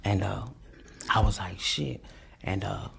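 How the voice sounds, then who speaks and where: A man giving courtroom testimony, halting and repeating his words, often adding "you know what I'm saying". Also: lowish voice, gravelly, slight background noise. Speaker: defendant testifying.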